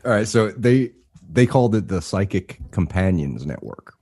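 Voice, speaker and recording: Male podcast co-host, thirties, very deep and a bit raspy, laid-back explainer, dry close sound. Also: moderate pace, no echo. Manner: relaxed storytelling, mild cursing. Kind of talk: casual chat.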